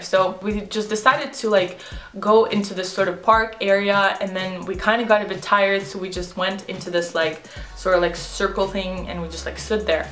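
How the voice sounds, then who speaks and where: A woman, telling a casual storytime in a chatty, rapid way full of "like". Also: mid-range voice, fairly bright tone. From Russia. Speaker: vlogger. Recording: roomy echo with faint music.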